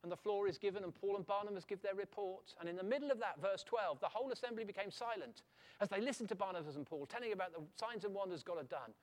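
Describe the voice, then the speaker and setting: A middle-aged man preaching a sermon in an animated way, throwing rhetorical questions back at his listeners. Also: high voice, fast talker.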